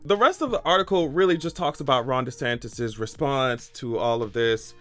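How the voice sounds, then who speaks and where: A man giving sarcastic, animated, profane commentary in a casual vlog. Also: high voice, moderate pace, soft background music. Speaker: commentary vlogger.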